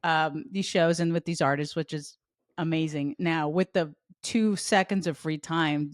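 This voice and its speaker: A woman's voice: sits low, fairly even intonation, a little slow, dry recording, clean studio sound. A woman co-hosting a casual chat podcast, asking questions and laughing often as she talks. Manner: giggly, warm interviewer with frequent laughs. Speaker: podcast co-host.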